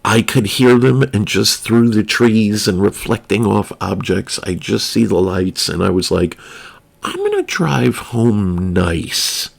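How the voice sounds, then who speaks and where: Slow, gravelly man telling a story. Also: on the low side, steady tone. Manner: rambling, wry, trails off with asides. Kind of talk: casual storytelling.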